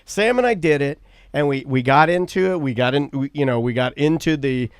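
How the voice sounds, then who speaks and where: A man's voice: medium pitch, fairly quick, smooth, no room sound. Teasing man co-hosting a studio chat. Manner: playful, teasing banter. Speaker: co-host. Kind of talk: casual chat.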